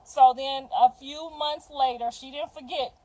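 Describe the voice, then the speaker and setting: A middle-aged woman with a high voice tells stories on a livestream. Her delivery is animated and dramatic, punctuated by gasps. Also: a little slow, poor audio. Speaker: mother on a livestream. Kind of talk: casual storytelling.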